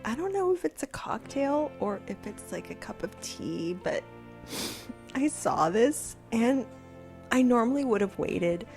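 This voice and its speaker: Chatty, animated middle-aged woman vlogger. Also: a little high, a little slow, faint music behind. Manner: giggly, chatty and animated, breaks into laughter. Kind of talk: casual commentary vlog.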